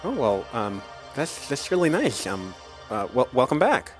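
A man's voice: mid-range voice, big pitch swings, measured pace, faint music behind. A man playing a stammering, polite adventurer. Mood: polite, cautious. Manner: hesitant, stammering.

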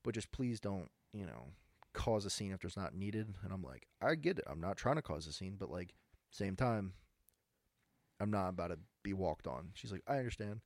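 A young man, telling stories in a laid-back, deadpan way on a casual podcast. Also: low-pitched, moderate pace, no room sound. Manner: laid-back, deadpan storyteller who mimics angry customers. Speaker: podcast co-host. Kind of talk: casual storytelling chat.

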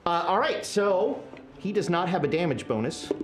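A woman running a tabletop horror game as game master, narrating scenes in a descriptive, unhurried way and laughing often. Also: fairly low pitch, sing-song, soft background music.

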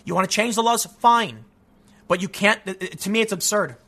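A man's voice: high voice, normal speed, creaky, bright, forceful tone. A man giving emphatic, argumentative political commentary, often restarting sentences and calling the listener "man". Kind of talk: opinion commentary reacting to news.

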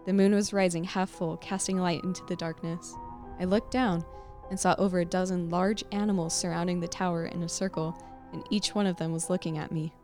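Lady podcaster reading a spooky story, kinda low voice, faint music behind. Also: a little fast. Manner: expressive, suspenseful storytelling. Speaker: podcast host. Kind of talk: reading a creepy story aloud.

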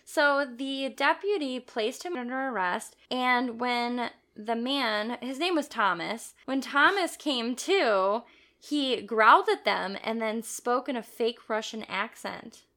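A woman's voice: a little high, slow, sharp tone. A woman co-hosting a casual podcast chat, recounting stories with frequent small laughs. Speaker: podcast co-host.

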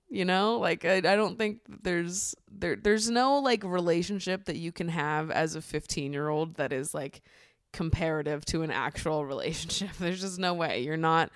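A woman's voice: sits low, expressive, moderate pace, clean tone, dry recording, clean studio sound. Chatty woman podcaster, laughing and swearing. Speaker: podcast host. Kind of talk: casual solo podcast monologue.

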